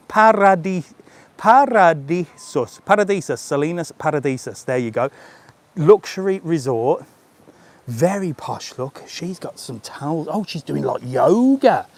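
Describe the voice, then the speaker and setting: Strolling through a resort on a live-streamed walking vlog, a middle-aged man talks into a handheld gimbal camera. His voice runs on the high side, expressive and unhurried, and his jokey, chatty manner comes with frequent chuckles.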